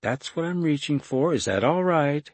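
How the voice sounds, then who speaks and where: A man's voice: on the high side, animated, moderate pace, no room sound, voice pushed up. A man reading the part of a frightened man held at gunpoint, speaking carefully and nervously, in a story reading.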